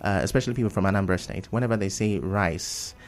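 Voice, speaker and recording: A man's voice: low-pitched, fast. A man with a Nigerian accent, a radio host explaining pronunciation in a talk show discussion.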